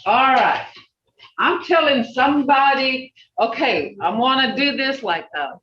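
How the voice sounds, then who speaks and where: An older woman teaching an online language class, patiently repeating words slowly for her learners. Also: high-pitched, animated, fairly bright tone, far from the mic. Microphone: video call. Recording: roomy lo-fi video call audio from off-mic.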